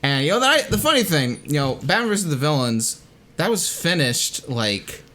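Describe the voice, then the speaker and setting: A man's voice: on the high side, big pitch swings, normal speed, bright, forceful tone. A young man hosting a casual, self-mocking commentary, rambling and swearing now and then. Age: young adult. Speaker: host.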